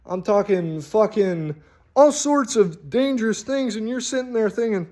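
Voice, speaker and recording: A man hosting a casual, rambling talk on tabletop role-playing, animated and full of swearing. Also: high voice, moderate pace. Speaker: host.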